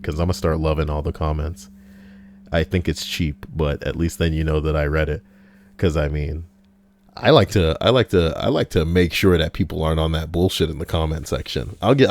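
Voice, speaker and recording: Deep-voiced man rambling on a stream. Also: a little mellow. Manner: rambling, profane, joking asides. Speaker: YouTube reader and streamer. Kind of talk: casual livestream reading Reddit stories. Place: home recording room.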